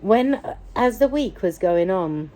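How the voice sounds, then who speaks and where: A woman's voice: mid-range voice, takes it slowly. A woman, telling a personal story in a casual, emphatic way, repeating phrases for weight. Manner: emphatic, repetitive, animated retelling. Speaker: vlogger.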